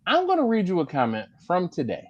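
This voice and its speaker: A man hosting a casual barbecue livestream, animated and laughing often, reading comments aloud and breaking into high put-on voices. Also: fast, dry recording, dull audio. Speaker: livestream host. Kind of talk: casual live-stream chat.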